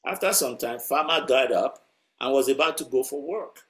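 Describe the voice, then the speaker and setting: A man's voice: mid-range voice, expressive, moderate pace, fairly bright tone. Man telling a story in a sermon. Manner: conversational, chuckling as he tells the story.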